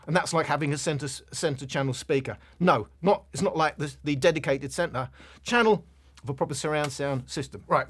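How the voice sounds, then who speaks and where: A Londoner with a broad Cockney accent and a slightly raised pitch talks through a gadget review in a casual, blunt way. He drifts into asides and comes back to the product. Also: fairly bright tone. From England, London. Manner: chatty, digressive, blunt. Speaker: tech reviewer.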